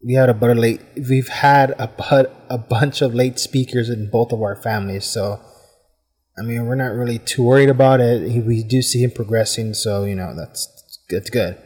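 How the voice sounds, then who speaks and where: A man from the United States hosts his podcast, musing aloud in a loose, rambling way and filling pauses with "I mean." His voice sits at an ordinary middle pitch for a man. It carries a long reverb tail, as if he were speaking in a large, echoing space. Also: steady tone, a little mellow, husky. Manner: rambling, thoughtful, many "I mean" fillers. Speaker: podcast host. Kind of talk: casual reflective monologue. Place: hot room at home with fans running.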